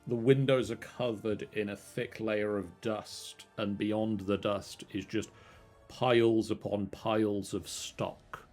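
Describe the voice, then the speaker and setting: A man's voice: lowish voice, fairly even intonation, slow pace, darkish tone, soft background music. A man narrating a tabletop game as game master, describing scenes in a rambling way with fillers.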